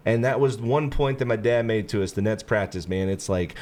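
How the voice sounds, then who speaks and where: Laid-back storytelling man, low voice. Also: a little fast. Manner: animated storyteller, acts out quotes in bursts; relaxed, lots of "you know" fillers. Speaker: podcast host. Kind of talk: casual storytelling chat.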